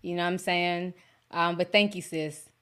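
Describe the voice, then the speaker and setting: A woman whose first language is Yoruba, hosting a livestream podcast in casual chat and reading viewer messages, talking in a chatty, animated way with frequent laughs. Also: on the low side, moderate pace, clear, resonant tone. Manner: chatty and animated, laughs often, slangy asides.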